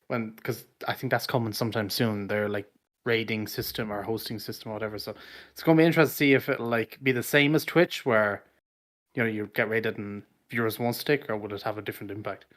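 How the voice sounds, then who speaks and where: A man's voice: on the low side, fairly even intonation, fast, a bit bright. A man co-hosting a podcast, giving opinions in casual chat with many fillers.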